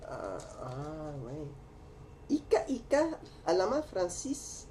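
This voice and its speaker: Slow, mellow-voiced playful woman. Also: fairly low pitch, huge pitch swings, slight background noise. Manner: playful, joking in clumsy French. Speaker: card collector opening packs. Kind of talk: casual box-break chat.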